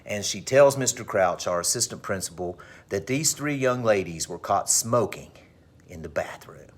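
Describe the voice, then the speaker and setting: A male teacher telling a dramatic story to his class with animated delivery. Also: on the low side, normal speed. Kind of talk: storytelling in a lesson.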